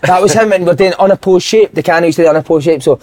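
A man, a podcast co-host and former footballer, telling a lively, swear-filled dressing-room story in casual chat. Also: sits high, quick pace. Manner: swearing, animated anecdote-telling with put-on voices.

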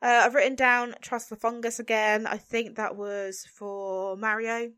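A woman's voice: fairly high pitch, flat delivery, measured pace, pushed and bright, clean tone. A woman co-hosting a casual podcast, ranting about a film with sarcastic, sweary exasperation. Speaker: podcast co-host.

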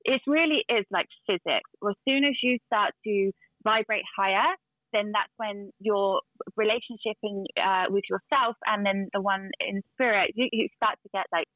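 A woman's voice: mid-range voice, moderate pace, dry recording. Woman on a tinny phone line. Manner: earnest, storytelling with restarts and fillers. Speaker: guest. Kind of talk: casual chat.

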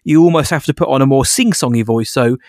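A man's voice: mid-range voice, fast, a little mellow, no room sound, studio quality. A man co-hosting a podcast in casual chat, upbeat and jokey, asking his co-host questions.

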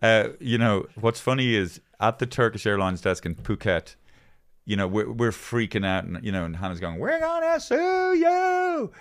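A man's voice: fairly low pitch, normal speed. A man, co-hosting a casual chat podcast, telling stories animatedly and putting on voices. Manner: animated storytelling, puts on voices, laughs. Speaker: podcast co-host.

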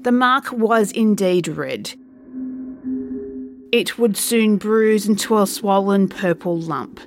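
A woman narrating a first-person horror story in a slow, measured way. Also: mid-range voice, background noise.

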